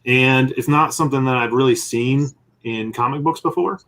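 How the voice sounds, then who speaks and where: A man's voice: medium pitch, moderate pace, a bit bright. Rambling man telling a story. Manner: rambling storytelling with quoted dialogue. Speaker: comic publisher and guest; game master of his group. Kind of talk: casual interview chat while sketching.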